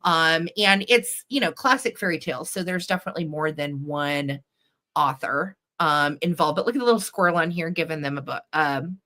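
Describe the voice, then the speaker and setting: A woman's voice: deep voice, normal speed, bright, forceful tone. A woman hosting a live online vintage sale, talking in a chatty, enthusiastic way with plenty of ums as she shows items. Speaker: host and vintage seller. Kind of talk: live online sales show.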